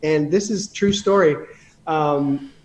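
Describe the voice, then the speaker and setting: A man's voice: a little high, takes it slowly. A man from Canada, a real estate investor and podcast guest, telling stories in a rambling, emphatic way with many restarts. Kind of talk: casual storytelling in conversation.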